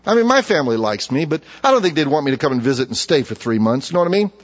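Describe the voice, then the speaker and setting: Guy preaching, folksy and slow on the big lines, bit high, long echo, muffled sound. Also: very animated. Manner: folksy preaching, slows for emphasis, acts out mockers. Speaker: pastor. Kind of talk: sermon. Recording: dull sound with long reverb.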